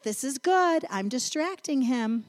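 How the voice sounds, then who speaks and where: A middle-aged woman from North Carolina giving a sermon, telling a family story in an animated, emphatic way. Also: high-pitched, measured pace. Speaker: women's ministry speaker.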